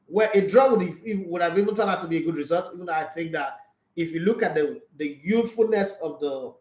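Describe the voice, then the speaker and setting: Outspoken high-voiced Nigerian man. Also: fairly quick, a little mellow, reverberant, low-quality recording. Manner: outspoken, emphatic, opinionated. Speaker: sports talk show host. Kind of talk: casual sports commentary, reading viewer comments.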